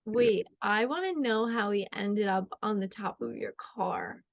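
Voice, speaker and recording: A woman's voice: medium pitch, lively intonation, unhurried, dry recording, muffled recording. A woman, a mother, chatting on a podcast with brief, curious questions. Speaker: podcast guest, co-host's wife. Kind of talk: casual chat.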